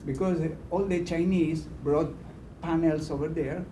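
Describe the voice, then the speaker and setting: A man's voice: on the high side, fairly even intonation, measured pace, warm tone. A man in the audience asking a question, hesitant and with non-native phrasing. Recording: distant, roomy, noisy hall sound.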